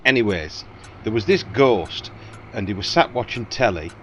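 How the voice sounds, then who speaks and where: Hesitant Northern English man, lively pitch. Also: moderate pace, dull audio, a little hiss or hum. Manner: hesitant, rambling, with fillers. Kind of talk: comic improvised banter.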